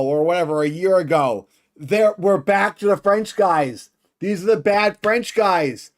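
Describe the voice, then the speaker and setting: Excitable male streamer. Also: high voice, measured pace. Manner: excitable, bursts into shouts. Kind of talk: livestream reaction commentary.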